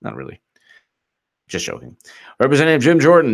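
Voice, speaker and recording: A man in his forties hosting casual political commentary, animated and quick to laugh, reading quotes aloud in a mocking tone. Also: medium pitch. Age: 40s. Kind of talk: casual live-stream commentary.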